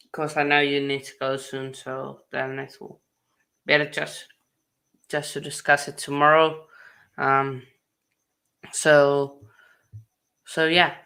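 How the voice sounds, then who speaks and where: A man hosting a casual sports chat, halting and full of fillers and restarts. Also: a little high, bright, forceful tone. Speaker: host.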